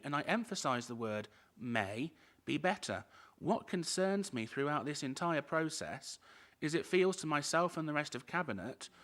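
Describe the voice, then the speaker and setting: A man's voice: fairly high pitch, fairly bright tone. A man giving a firm, emphatic speech as a council cabinet member at a formal meeting.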